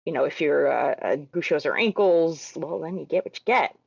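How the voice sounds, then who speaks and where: A woman speaks as a podcast guest, casual and playful in her remarks. Her voice sits a bit low, and the recording is dry and muffled, with little top end. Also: animated, moderate pace, vocal fry, breathy edge, no room sound. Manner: playful, joking asides. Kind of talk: casual chat.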